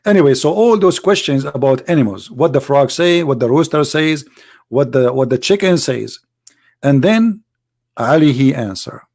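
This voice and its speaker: A man with an Arabic accent hosting a live stream, reading and translating a text aloud in halting English with many restarts. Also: mid-range voice, expressive, a little mellow. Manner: halting, restarts and searches for words.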